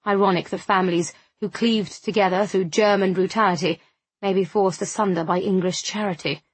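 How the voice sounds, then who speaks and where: Woman reading tired young gentleman, dry and understated, husky edge, close dry sound. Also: medium pitch, steady tone, a little fast, no room sound, close to an everyday voice. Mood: weary. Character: weary, wry young gentleman helper.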